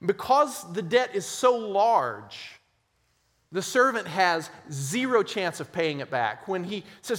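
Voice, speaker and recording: A male pastor delivers a sermon in an emphatic style, pressing some phrases loudly and dropping others to a hush. His voice sits high for a man. It carries with a long reverb, as in a large church hall. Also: sing-song, takes it slowly. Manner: emphatic preaching, swinging between loud stress and quiet.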